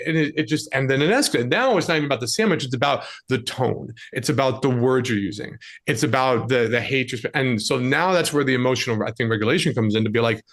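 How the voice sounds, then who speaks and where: A man speaking as a podcast guest, coaching listeners in a direct, plain-spoken way. His voice sits at a middle pitch. He mixes blunt tips with quick examples. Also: fairly bright tone. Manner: direct, coaching, acts out scenes with quoted voices. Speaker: dating and lifestyle coach, guest. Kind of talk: casual podcast conversation.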